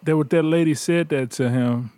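A man's voice: on the high side, normal speed, dark tone, dry recording, studio quality. A man who is a podcaster and storyteller, talking candidly and emphatically with stammered repeats. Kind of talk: casual roundtable chat.

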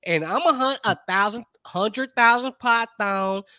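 A swaggering female python huntress from Florida in her forties, as a man puts her on for a comedy podcast bit. She talks with blunt, boastful confidence in a bright, edgy voice. The sound is dry and close. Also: fairly high pitch, a little slow, no room sound. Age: 40s.

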